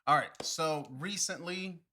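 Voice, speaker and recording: A man's voice: a little high, measured pace, bright, forceful tone. Chatty man reviewing a film. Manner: rambling, enthusiastic, many fillers and restarts. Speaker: podcast co-host. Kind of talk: casual chat.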